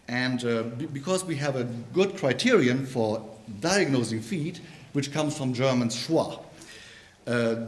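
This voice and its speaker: A man giving an academic conference talk on linguistics in a university lecture room, pausing often and restarting his sentences. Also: mid-range voice. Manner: halting, with many fillers and restarts.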